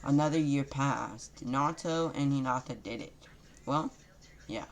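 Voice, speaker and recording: A man's voice: mid-range voice, measured pace. A man casually improvising a fan fiction story, rambling and correcting himself as he goes. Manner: rambling, self-correcting, loose grammar.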